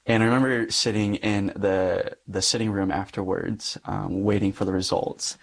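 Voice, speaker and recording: A man's voice: fairly low pitch, steady tone, moderate pace, vocal fry. A young man, a Catholic priest, earnestly telling a personal story in an interview and often laughing between sentences.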